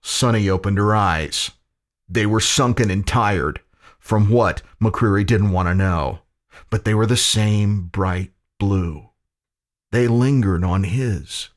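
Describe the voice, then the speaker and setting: A man narrating a pulp audio story in a dramatic, deliberate reading. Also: lowish voice.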